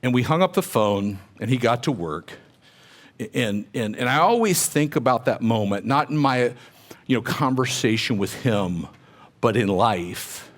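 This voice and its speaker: A middle-aged man with an animated, medium-pitched voice speaks at a measured pace to real estate agents gathered in a room. Conversational and motivational, he tells personal stories and questions the audience.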